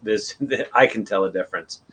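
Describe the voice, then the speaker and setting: A man's voice: on the low side, normal speed, a bit bright, breathy edge. Laughing man with a Northeastern US accent. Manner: laughs often, rambling. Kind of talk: casual video chat.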